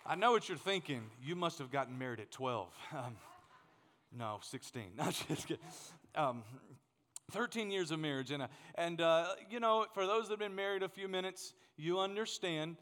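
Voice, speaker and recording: A man in his thirties delivers a sermon with a fairly high voice, lively and playful, stumbling over repeated words as he builds up. The sound carries a long reverb, as if recorded in a large church hall. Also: moderate pace. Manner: animated, joking, repeats words when he starts a thought. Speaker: pastor.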